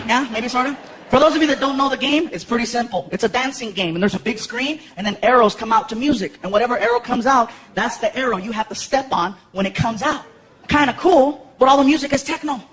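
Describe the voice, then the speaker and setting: A man in his thirties doing stand-up comedy, telling stories in an animated way and acting out voices. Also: extremely high pitch. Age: 30s. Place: live comedy venue with audience. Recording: noisy live show recording.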